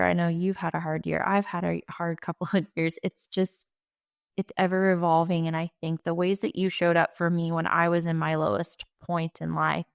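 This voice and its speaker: A woman hosting a podcast, speaking in a measured, sincere way with long reflective sentences. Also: on the low side, vocal fry, clear, resonant tone, no echo, clean studio sound. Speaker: podcast host. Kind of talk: warm conversational interview.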